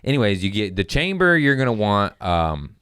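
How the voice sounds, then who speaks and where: A man's voice: fairly low pitch, very animated, normal speed, fairly bright tone, clean tone, no echo, clean studio sound. A man hosting a comedy podcast, telling profane stories in a rambling, joking way and slipping into silly voices. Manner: profane, jokey, bursts into silly put-on voices. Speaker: comedian host.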